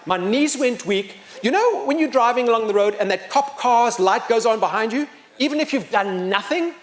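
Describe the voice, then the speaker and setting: A middle-aged man telling a story to a live audience, animated and self-mocking, with big swings in loudness. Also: sits high. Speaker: storyteller and motivational speaker.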